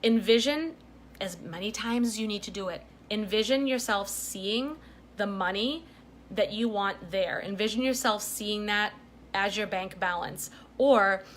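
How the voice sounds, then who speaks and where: A woman's voice: mid-range voice, a little hiss or hum. A middle-aged woman talking straight to her viewers in a chatty, emphatic way, often checking in with "okay?" and "right?". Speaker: vlogger giving life advice. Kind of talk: casual direct-to-camera advice.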